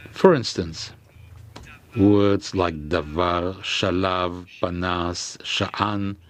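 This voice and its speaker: This male grammar lecturer speaks in a low voice, explaining slowly and hesitantly. His halting lecture is full of fillers and restarts.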